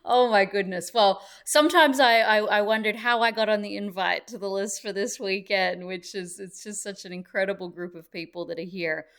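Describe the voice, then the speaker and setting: A woman's voice: medium pitch, moderate pace, few pauses, fairly bright tone, clean tone. A middle-aged woman from Australia with an Australian accent, chatting cheerfully as a guest in an interview. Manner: cheerful, chatty, laughs easily. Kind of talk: casual interview. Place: busy event venue.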